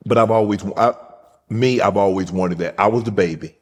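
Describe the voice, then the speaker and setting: Host type: low, husky man, soft-spoken storyteller, casual chat. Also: moderate pace. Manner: soft, storytelling, drops quiet when emotional.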